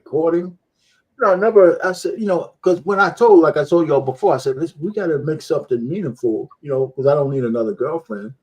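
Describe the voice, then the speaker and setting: A man on a panel, telling a story about his marriage in a relaxed way. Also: fairly high pitch. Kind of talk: casual panel chat.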